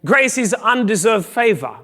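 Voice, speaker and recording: Guy preaching in church, high voice that swings all over, acts out the quotes. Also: unhurried. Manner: animated preaching, acting out quoted voices, rising to shouts. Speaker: pastor. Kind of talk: sermon. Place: church sanctuary.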